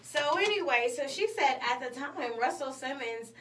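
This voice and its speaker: A woman's voice: high voice, animated, normal speed, fairly bright tone. A woman hosting a morning show, telling a story in casual chat with lots of fillers. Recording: echoey room, mic at a distance, faint noise.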